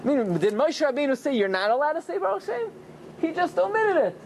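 A man giving an animated Torah class, telling the story with lots of rhetorical questions. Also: extremely high pitch, fairly quick, noisy background. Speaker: rabbi teaching Torah.

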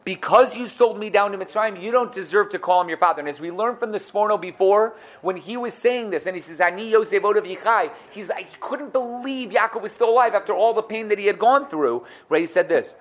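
A man's voice: high-pitched, fairly quick, few pauses. A man teaching a Torah lesson to a class. He acts out the quotes with a rising voice and asks questions of his students. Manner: animated, dramatizes quotes with a rising voice. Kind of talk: classroom lesson on the weekly portion.

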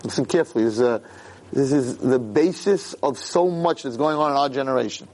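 A man teaching a Torah lesson in an animated way, acting out quotes and repeating words for emphasis. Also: medium pitch, brisk. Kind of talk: Torah lecture.

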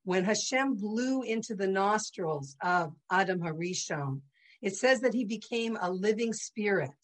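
A woman gives a relaxed religious class with a mid-range voice. Her talk is loose and chatty. She keeps turning to her listeners with quick asides. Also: medium pitch, rough recording. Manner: chatty, full of "you know" and "right?" asides. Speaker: Torah class teacher.

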